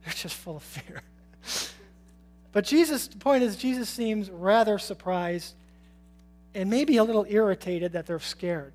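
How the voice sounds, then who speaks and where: A man's voice: high-pitched, moderate pace, darkish tone. A man preaching a sermon in an informal, conversational way, putting questions to his listeners and chuckling now and then. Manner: informal, asks the audience questions, chuckles often.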